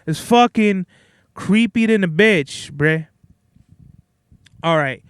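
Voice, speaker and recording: A young man hosting a podcast, telling stories in a blunt, profane, animated rant. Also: high-pitched, slow pace, clean tone, no echo, clean studio sound. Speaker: podcast host. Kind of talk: casual ranting monologue.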